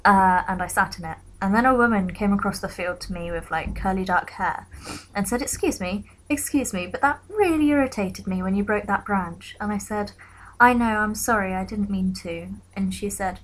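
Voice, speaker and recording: A young woman in her late teens recounting a personal story in a quiet, reflective way, sometimes dropping to a whisper. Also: medium pitch, normal speed, rough recording. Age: young adult. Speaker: vlogger.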